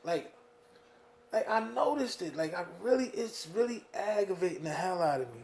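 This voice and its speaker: A young man from New Jersey venting about being a father in a casual monologue, animated, with lots of "you know what I mean". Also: normal speed, gravelly, a little hiss or hum. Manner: animated, swings loud and high when worked up, frequent "you know what I mean". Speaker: vlogger talking about fatherhood.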